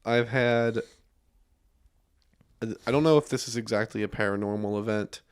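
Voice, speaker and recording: A young man hosting a casual podcast, telling stories in a relaxed way with lots of fillers and restarts. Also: lowish voice, moderate pace, clean tone.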